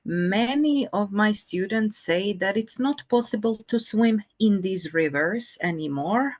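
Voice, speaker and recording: A woman teaching an English conversation lesson, speaking slowly and patiently with many fillers. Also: mid-range voice, expressive.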